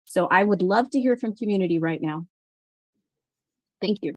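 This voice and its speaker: A woman on a city council speaking with passion and emphatic, halting restarts at a council meeting. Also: mid-range voice, darkish tone, dry recording.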